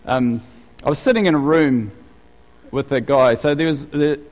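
A man's voice: medium pitch, moderate pace, a little mellow, long reverb tail. A male pastor giving a sermon, telling stories in a conversational way with frequent restarts.

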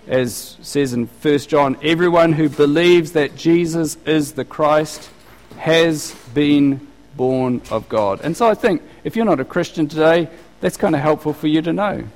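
A man's voice: medium pitch, darkish tone. A middle-aged man preaching a sermon in a conversational way, asking the listeners many rhetorical questions. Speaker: pastor. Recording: long hall reverb.

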